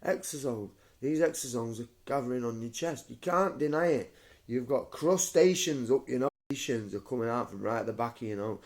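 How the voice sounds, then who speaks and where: Young man, sick with fever, rambling at home in a soft, dark voice and repeating himself. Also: mid-range voice, animated, a little fast. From United Kingdom. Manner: repetitive, keeps calling the listener mate. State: feverish and shivering. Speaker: vlogger. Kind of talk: rambling home video monologue. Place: his home.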